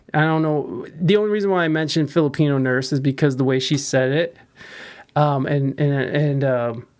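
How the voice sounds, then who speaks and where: A young man's gravelly, slightly high voice carries a loose podcast chat. He jokes crudely and rambles, often restarting his sentences mid-thought. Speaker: podcast host.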